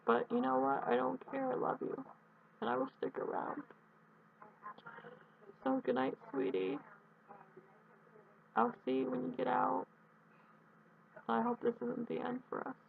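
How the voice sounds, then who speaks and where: A young woman talking in a heartfelt personal video message, earnest and rambling, with halting restarts. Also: sits high, monotone, gravelly. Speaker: vlogger addressing her absent partner. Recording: tinny phone-quality audio with faint hiss.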